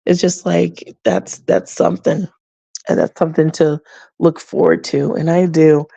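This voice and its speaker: A middle-aged woman hosting a faith podcast, talking casually and reflectively with frequent soft laughs. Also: low voice, steady tone, unhurried, creaky, husky, dry recording. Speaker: podcast host. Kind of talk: casual personal talk.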